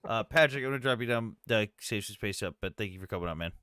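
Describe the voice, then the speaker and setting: Fast, bright-voiced male stream host. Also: fairly low pitch, expressive, smooth, no room sound, clean studio sound. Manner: blunt and profane, quick asides. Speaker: host of a live debate stream. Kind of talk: casual live-stream talk.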